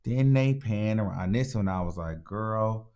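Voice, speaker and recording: A man's voice: lowish voice, unhurried, darkish tone. A man hosting his channel and recapping a movie in a slangy, dramatic way, repeating lines for emphasis and acting out sound effects. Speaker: movie reviewer and channel host.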